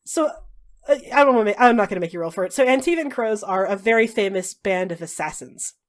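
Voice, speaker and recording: A woman game master narrates a tabletop game casually and chattily. She laughs often between lines. Her voice has a middling pitch. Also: expressive, fast talker.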